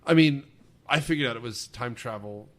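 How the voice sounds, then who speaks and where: A man's voice: medium pitch, normal speed, a bit bright. A man hosting a casual movie podcast, retelling scenes in a jokey, rambling way. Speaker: podcast host. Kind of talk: casual film podcast chat.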